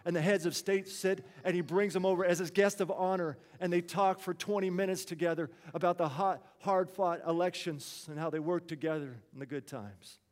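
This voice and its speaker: A man's voice: high voice, normal speed, few pauses, long reverb tail. A man preaching a sermon, telling a story in an earnest, conversational way.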